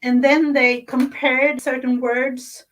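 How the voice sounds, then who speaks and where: A woman's voice: high-pitched, little pitch movement, fairly bright tone, far from the mic. A woman with a Swedish-tinged English accent, a guest on an art stream, chatting casually with many laughs and restarts. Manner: giggly, halting, many restarts. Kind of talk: casual chat while crafting.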